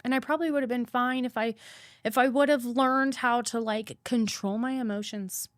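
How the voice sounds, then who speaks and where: A woman's voice: on the high side, fairly even intonation, normal speed, dry recording, studio quality. Blunt, swearing woman telling her story. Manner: blunt, swears freely, emphatic repetition. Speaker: podcast guest. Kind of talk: candid personal storytelling.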